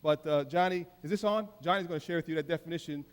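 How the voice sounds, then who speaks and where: A middle-aged man preaching a keynote sermon, emphatic, swinging between loud declarations and soft asides. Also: fairly high pitch, quick pace, smooth. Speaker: keynote speaker. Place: large hall. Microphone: handheld mic. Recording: live in a reverberant hall.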